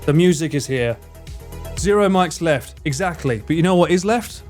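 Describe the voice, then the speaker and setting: A young man with a London accent chatting casually on a live stream, animated and bantering, swearing freely. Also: a little high, normal speed, faint music behind. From England.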